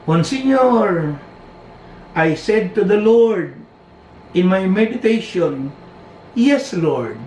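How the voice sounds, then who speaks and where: Man quoting a sly young man, Filipino accent. Slow, innocent-sounding replies in an echoey room. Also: sits high, expressive, darkish tone, a little hiss or hum.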